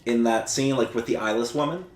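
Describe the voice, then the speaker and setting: A podcast host with a medium-pitched voice recaps a plot in casual chat, speaking a little fast with lots of fillers and the odd blunt swear. The recording has a roomy echo.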